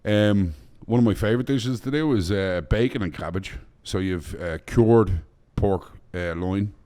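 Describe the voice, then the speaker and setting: A man's voice: on the low side, normal speed, a little mellow. A man with an Irish accent, chatting as a guest chef on a podcast, blunt and profane. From Ireland. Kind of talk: casual podcast chat.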